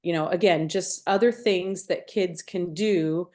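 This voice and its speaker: A woman, a fair manager, talking in a friendly, relaxed way with many fillers. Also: fairly low pitch, a little slow. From Iowa. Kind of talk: casual interview chat.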